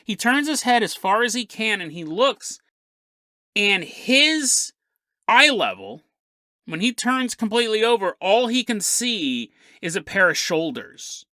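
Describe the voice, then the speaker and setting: Male podcast host, animated joking storyteller; bright, forward tone. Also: sits high, measured pace, no room sound, clean studio sound. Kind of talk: casual storytelling narration.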